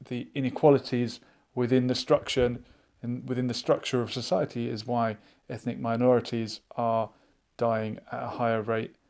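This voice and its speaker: A man's voice: mid-range voice, darkish tone. Musing man hosting a live chat. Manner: musing, reads viewer comments aloud. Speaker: livestream chat host. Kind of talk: casual live-chat commentary.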